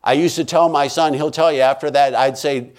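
A man who is a minister, telling an emotional personal testimony, repeating phrases for emphasis and swinging from loud pleading to hushed tones. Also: on the high side, steady tone, brisk.

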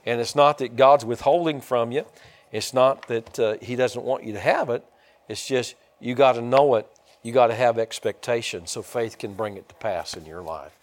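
Speaking at a moderate pace, this middle-aged man preaches in a homey, wandering way. He keeps starting over, and every so often his voice jumps up high and loud with excitement.

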